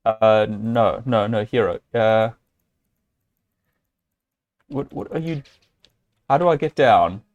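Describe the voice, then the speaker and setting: A man talks through a game on a live stream, working out each move as he goes. His speech is loose and halting, full of "um"s and restarts. Now and then he speaks straight to his viewers or scolds the game's hero. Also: lowish voice, expressive, highs cut off. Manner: thinking aloud, hesitant, with many fillers and restarts. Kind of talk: live gameplay commentary.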